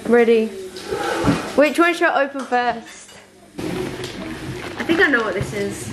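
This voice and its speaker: Bubbly young woman, high and slow. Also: lively intonation, background noise. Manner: bubbly and gushing. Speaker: vlogger. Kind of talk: casual birthday vlog. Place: at home.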